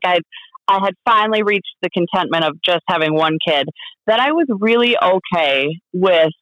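A woman speaking as an interview guest, candid and halting, full of fillers and restarts, laughing now and then. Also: mid-range voice, fairly bright tone, no room sound, dull audio. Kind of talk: casual interview chat.

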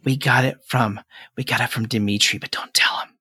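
A man's voice: mid-range voice, moderate pace, bright, forceful tone, slightly rough, dry recording, clean studio sound. A man voicing a nervous, earnest boy of about ten in a tabletop game, talking in a solemn, chatty, hesitant way.

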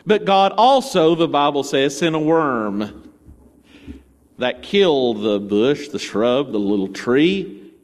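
A man's voice: fairly high pitch, animated, slow, in a large hall. A male pastor preaching a sermon in a conversational storytelling way, with playful asides, in a church.

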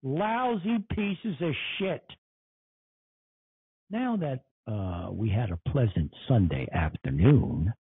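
A man's voice: medium pitch, sing-song, takes it slowly, slightly rough, dry recording, phone-quality sound. A man hosting a casual podcast, angry and profane, mocking and swearing. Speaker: podcast host. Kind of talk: casual profane livestream rant.

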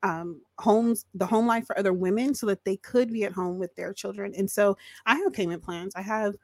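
A woman guesting on a podcast speaks in a direct, teasing way and laughs often. Her voice sits at an ordinary pitch, recorded close and dry. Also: steady tone, moderate pace, a little mellow, dry recording. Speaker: podcast guest, business owner. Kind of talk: casual chat.

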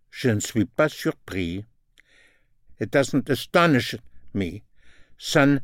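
A man's voice: mid-range voice, dry recording, studio quality. A man teaching a spoken language lesson, repeating phrases and spelling words out letter by letter.

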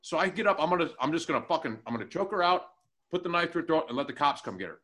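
A man's voice: a little high, very fast. A man on a casual podcast, telling a long profane story and acting out what everyone said. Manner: profane, animated anecdote telling with acted-out quotes. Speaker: podcast co-host and new tech guy.

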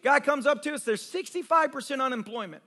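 A man preaching with a very high, bright, forceful voice, telling his stories with excited energy. He restarts phrases as the excitement runs ahead of him, and speaks as a pastor addressing his congregation in a church service. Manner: excitable, animated storyteller with fast restarts. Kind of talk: sermon testimony storytelling.

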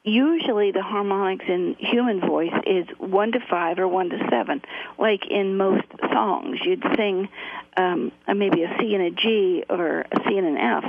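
A woman's voice: mid-range voice, unhurried, gravelly, breathy edge. A middle-aged woman guest telling her story earnestly, with frequent fillers. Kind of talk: interview on a phone line. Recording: tinny phone line.

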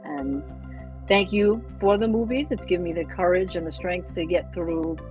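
A woman with a New York accent, a guest on a podcast in casual chat, earnest and quick to laugh. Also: fairly low pitch, lo-fi sound, faint music behind. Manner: warm, earnest, laughs easily.

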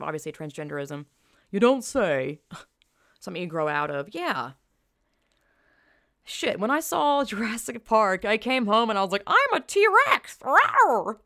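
A woman's voice: medium pitch, no echo, clean studio sound. Young female podcast host, mid-range voice, emphatic, profane, outspoken delivery. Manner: emphatic, blunt and profane, sighs and exclamations. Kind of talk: casual opinionated podcast commentary.

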